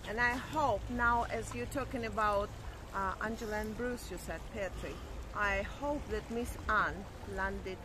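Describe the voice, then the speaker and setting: A woman's voice: medium pitch, unhurried. A woman co-hosting a vlog who chats in an affectionate way while walking along a seaside promenade outdoors. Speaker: vlog co-host. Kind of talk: casual chat. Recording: outdoor street noise by the harbour.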